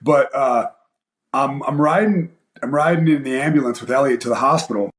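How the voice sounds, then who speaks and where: A man's voice: medium pitch, moderate pace. A man in his forties, a guest fighter and coach, telling a story in a casual interview with lots of fillers and acted-out quotes. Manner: animated storyteller, acts out quoted voices, many fillers. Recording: echoey room.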